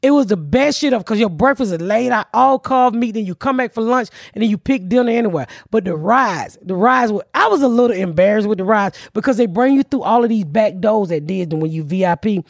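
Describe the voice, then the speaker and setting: A woman comedian hosting a podcast, telling a story in casual chat, profane and animated, with loud outbursts. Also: mid-range voice, fairly quick, hardly any pauses, no echo, studio quality.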